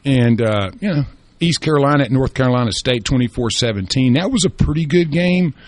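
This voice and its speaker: A man's voice: medium pitch, expressive, fairly quick. A man co-hosting a talk radio show, chatting casually about sports and history with folksy fillers and restarts. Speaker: radio co-host.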